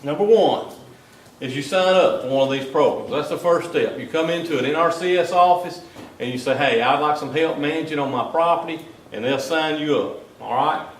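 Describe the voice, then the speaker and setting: A man with a Southern US accent speaks to a meeting of landowners in a loose, joking way, tagging his points with "okay?". His voice sits a little high. He is picked up from some way off in an echoey hall with a faint hiss underneath. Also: moderate pace, far from the mic. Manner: joking, drawling, tags lines with "okay?". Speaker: wildlife biologist giving a talk. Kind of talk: folksy presentation to landowners.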